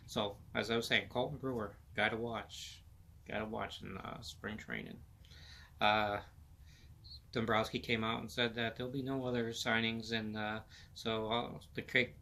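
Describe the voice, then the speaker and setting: A man's voice: on the low side, vocal fry, bright, forceful tone, a little hiss or hum. Rambling man hosting a sports podcast. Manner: rambling, filler-heavy, repeats words. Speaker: podcast host. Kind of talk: casual solo sports chat.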